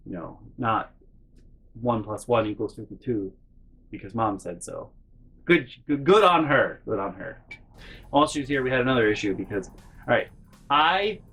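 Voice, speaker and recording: A man's voice: mid-range voice, a bit bright. A man in his bedroom telling a casual, exasperated story with sardonic asides and lots of swearing. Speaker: vlogger.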